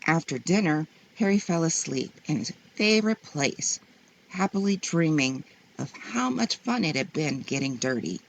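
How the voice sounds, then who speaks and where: A woman reading children's stories aloud in a slow, gentle, expressive way. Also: sits low, creaky, a little hiss or hum. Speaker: storyteller. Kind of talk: children's story read-aloud.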